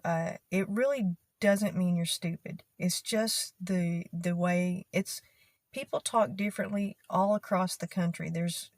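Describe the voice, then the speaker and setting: A woman with a lower Panhandle West Texas accent who speaks slowly, drawing her words out with a twang, giving a casual explainer to camera. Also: darkish tone, no room sound. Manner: slow drawl, draws her words out with a twang. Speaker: vlogger.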